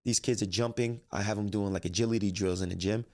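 A man telling a personal story in lively, dialogue-filled storytelling, acting out what he and others said. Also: on the low side, fast talker. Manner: animated, quotes himself and others in dialogue. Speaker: life coach and trainer.

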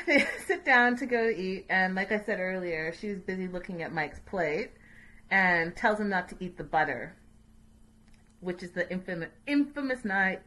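Brief: woman vlogger, bright and clear tone, chatty and opinionated, casual recap talk. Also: medium pitch, rough recording. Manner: opinionated, chatty, sassy asides to viewers. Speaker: reality show recap vlogger. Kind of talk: casual chat.

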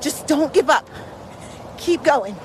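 A woman pacing listeners on a brisk outdoor walk in a park, slightly breathy from walking, with encouraging, repetitive coaching cues. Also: sits high, lively intonation, slight background noise, rough recording. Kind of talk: motivational workout vlog while walking.

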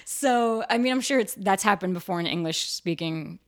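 A woman with a somewhat low voice talks in a casual interview, peppering her speech with "like". She tells stories with energy, jumping up in pitch when acting out what people said. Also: brisk. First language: bilingual in Spanish. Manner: animated storyteller, acts out quoted exchanges with big pitch jumps; filler-heavy, lots of "like". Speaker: actor guest.

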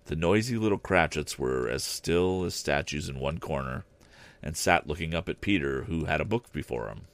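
A man narrating a classic story aloud in an expressive, deliberate reading style. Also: sits low, dry recording. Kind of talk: audiobook narration.

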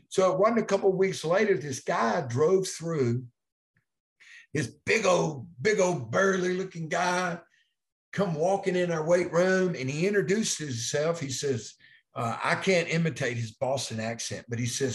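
A man's voice: fairly high pitch, animated, normal speed. A middle-aged man, a strength coach rambling through a folksy story in an interview answer. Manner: folksy, rambling, Southern turns of phrase.

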